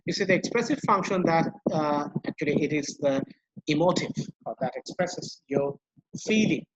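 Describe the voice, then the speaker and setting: A man's voice: on the high side, moderate pace, highs cut off, slight background noise. A man with a Bangladeshi accent gives an online university lecture in English and Bengali. He repeats his points patiently and keeps asking the class questions.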